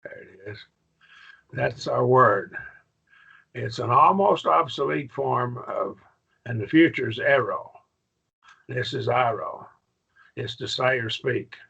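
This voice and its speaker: Gravelly, bright-voiced man teaching. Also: mid-range voice, slow, pauses often, dull audio. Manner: patient, checks in with "okay?" often. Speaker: Greek grammar teacher. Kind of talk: classroom lesson.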